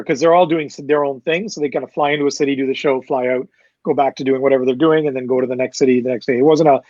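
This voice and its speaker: A man with a Canadian accent casually recounting a story as a promoter, animated, swearing and acting out the people he quotes. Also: medium pitch, dry recording. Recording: slightly muffled dry recording.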